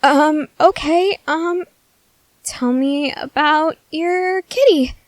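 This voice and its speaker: A woman's voice: high-pitched, very slow, no room sound. A woman voicing a food-obsessed teenage soldier girl in an ASMR audio drama, whiny and melodramatic. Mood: chatty. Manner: whiny, melodramatic, easily sidetracked.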